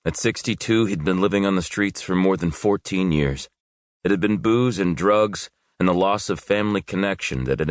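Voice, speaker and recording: A man reading a thriller audiobook in a steady, measured storytelling voice. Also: sits low, no echo, clean studio sound. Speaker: audiobook narrator. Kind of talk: scripted narration.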